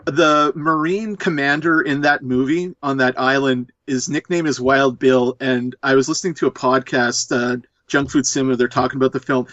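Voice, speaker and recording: A man hosting a casual movie commentary podcast, riffing in an animated, profane way. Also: mid-range voice, dry recording, dull audio. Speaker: podcast host.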